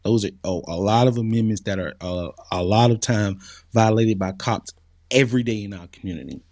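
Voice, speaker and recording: A man speaks in an interview, casual and earnest, often pausing on fillers. His voice sits low. The sound is dry and close. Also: darkish tone, no room sound. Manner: earnest, conversational, many fillers. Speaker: interview guest.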